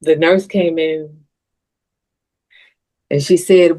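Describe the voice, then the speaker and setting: A woman's voice: deep voice, steady tone, takes it slowly, pauses often, warm tone. A woman guest on a podcast, telling a personal story in an earnest way that turns tearful at times. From Southern US.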